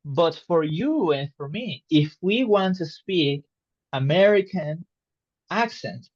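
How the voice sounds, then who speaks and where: A man teaching an online English lesson, explaining slowly and patiently and checking understanding with questions. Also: a little high, expressive, dry recording, muffled recording. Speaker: English tutor.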